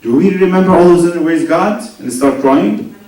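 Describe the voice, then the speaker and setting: Guy giving a sermon, goes loud then quiet, asks the crowd stuff, kinda high voice, super echoey hall. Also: a little fast, far from the mic. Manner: animated, rising and dropping to near whispers, asks the audience questions. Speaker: preacher.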